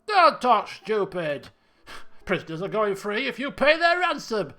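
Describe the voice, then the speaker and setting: A man's voice: sits high, very animated, measured pace, pushed and bright, soft background music, voice pushed up, heavily acted. A man voicing a rude, greedy male bandit in a game, scornful and demanding.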